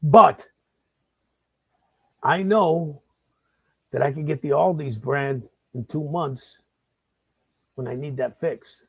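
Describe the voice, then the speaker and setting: A man's voice: fairly high pitch, vocal fry, husky, dry recording. A man hosting a comedic live-stream monologue, rambling and stammering with lots of repeated words. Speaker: host. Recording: slightly dull lo-fi sound.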